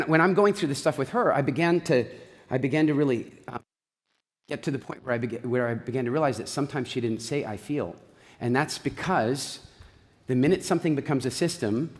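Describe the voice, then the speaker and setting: Middle-aged male stage speaker, animated storyteller, mid-range voice, reverberant hall. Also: mid-range voice. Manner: animated storytelling, acts out quotes, then slow guided relaxation. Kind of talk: motivational stage talk. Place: large hall with audience.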